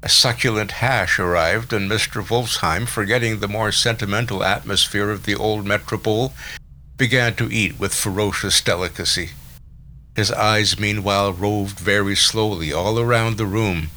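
A man reading a novel aloud as audiobook narrator, in a measured literary manner. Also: fairly low pitch, fairly even intonation, bright, forceful tone, a little hiss or hum, low-quality recording.

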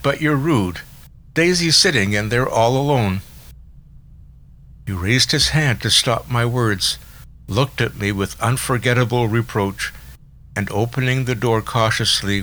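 A man reading a novel aloud as an audiobook narrator, in a measured, literary first-person style. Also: fairly low pitch, pushed and bright, poor audio. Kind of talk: scripted narration.

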